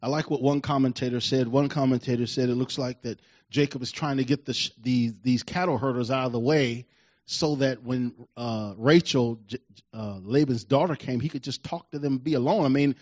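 A man's voice: mid-range voice, a little fast, darkish tone. A man preaching a sermon, telling a story in a folksy, chuckling way and reading from the Bible. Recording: dull lo-fi recording.

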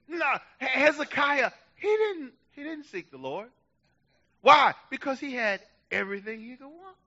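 A man preaching a sermon to a church, building from quiet passages to loud, emphatic shouts. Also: extremely high pitch, sing-song, moderate pace, lo-fi sound. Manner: rising to shouts, dramatic.

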